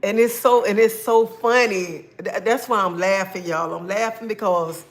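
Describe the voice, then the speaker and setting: A woman hosts her own livestream, talking straight to her viewers in a loose, conversational way. She greets people one by one and slips in praise to God as she goes. Her voice sits in a middle pitch. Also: moderate pace. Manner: greets viewers by name, devout, chatty. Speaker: livestream host. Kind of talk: casual livestream chat.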